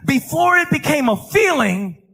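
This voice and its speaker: A man's voice: very high-pitched, big pitch swings, unhurried, vocal fry, sharp tone. A middle-aged male pastor preaching a sermon in a conversational way, joking with the congregation and breaking into emphatic surges. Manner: jokes with the congregation.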